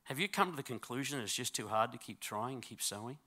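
A man preaching a sermon in a church, swinging from loud, drawn-out exhortation to quiet, close talk and calling on the congregation to respond. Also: medium pitch, expressive. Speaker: pastor.

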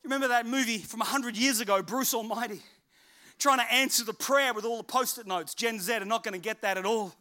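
Man, middle-aged, pastor preaching, storytelling, acts out voices, very high pitch, bright. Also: fairly quick. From England. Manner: animated, acts out voices of people in his stories. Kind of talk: sermon with storytelling.

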